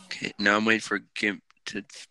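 A man's voice: fairly low pitch, completely flat delivery, fairly quick, bright, forceful tone, clear, resonant tone, low-quality recording. A young man co-hosting a podcast in casual, rambling chat, laughing often and filling his talk with "like". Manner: laid-back, rambling, laughs often, many "like" fillers. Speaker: podcast co-host.

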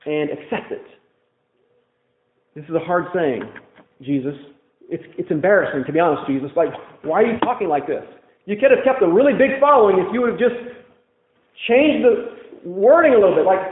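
A higher-voiced man preaches in a loose, conversational way, tossing in playful asides. His voice rings around a large echoey hall. The sound is thin and narrow, like it came over a phone line. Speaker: pastor. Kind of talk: sermon. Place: church hall.

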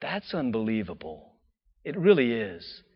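A man preaching a sermon in a lively, casual way, full of slang and acted-out quotes. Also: mid-range voice, unhurried, husky, big-room sound, highs cut off.

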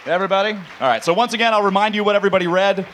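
A man hosting a live comedy show, calling performers back to the stage in brisk emcee patter. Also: high voice, a bit bright, a little hiss or hum. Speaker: show host.

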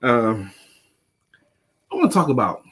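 A man's voice: mid-range voice, big pitch swings, measured pace, fairly bright tone, husky. A man co-hosting a casual morning talk show, upbeat and chanting phrases for emphasis. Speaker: co-host.

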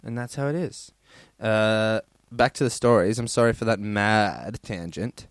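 A man's voice: on the low side, measured pace, no echo, clean studio sound. A man hosting a podcast, casually reading listener stories in a crude, rambling way and laughing often. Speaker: podcast host.

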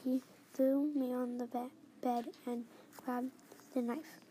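A young female reader reading her own story aloud in the first person, halting and restarting phrases as she reads. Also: sits high, flat delivery, mellow, poor audio. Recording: faint background noise.

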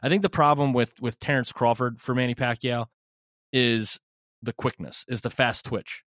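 A man co-hosting a boxing podcast, laying out his view calmly in casual chat, with many fillers. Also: medium pitch, moderate pace, dry recording, studio quality. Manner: relaxed, reasoned, lots of fillers. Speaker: podcast co-host.

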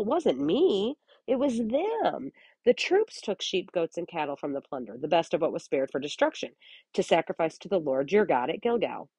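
A woman's voice: low voice, a little mellow, husky, no room sound. A woman hosting a Bible reading podcast, reading scripture aloud and breaking in with earnest, chatty commentary. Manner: earnest, chatty asides between read passages.

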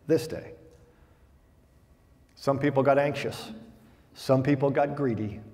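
A man's voice: mid-range voice, steady tone, moderate pace, darkish tone, big-room sound. A male pastor delivering a conversational, humorous sermon, reading Bible passages aloud between jokes.

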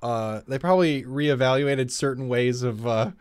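A man's voice: mid-range voice, normal speed, darkish tone, smooth. A man hosting a casual podcast chat in an easygoing way, laughing between phrases. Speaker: podcast host.

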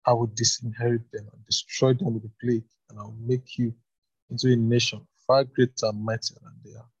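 A man reading the words of the Lord in a slow, grave, husky voice. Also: mid-range voice, level tone, dry recording, lo-fi sound, close to an everyday voice. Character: the Lord, a wrathful divine voice.

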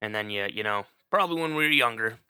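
A man's voice: fairly low pitch, animated, fast talker, sharp tone, clean tone, no room sound, studio quality. A man telling a story in a casual, chatty way, talking straight to the listener with plenty of fillers. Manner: chatty, addresses the listener directly, many fillers.

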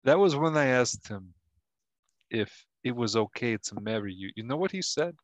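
Comic Russian husband, proud and deadpan, strong Russian accent, played by a man; dry, close recording. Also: medium pitch, normal speed, no echo, close to an everyday voice. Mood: smug teasing. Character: boastful Russian immigrant husband, smug. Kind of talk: comedy sketch acting.

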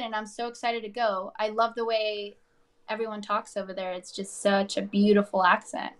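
An actress guest chatting in an interview, bubbly and gushing, with lots of fillers. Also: female voice, medium pitch, level tone, moderate pace. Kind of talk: casual interview chat.

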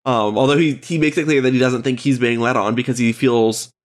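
A man co-hosting a podcast in casual chat, congested and tired, rambling and hesitant with quick laughs. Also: medium pitch, fairly even intonation. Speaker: podcast co-host.

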